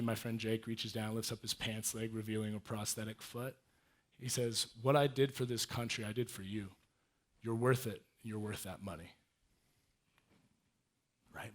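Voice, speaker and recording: Animated, bright-voiced man telling stories. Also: mid-range voice. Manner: casual, animated storyteller with filler words. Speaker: guest speaker. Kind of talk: storytelling talk to a live audience.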